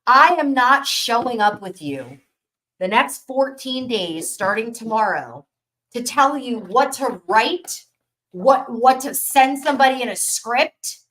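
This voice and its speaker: A woman business coach hosting a live motivational workshop stream, energetic and emphatic, repeating phrases for rhythm. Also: fairly high pitch, slow pace.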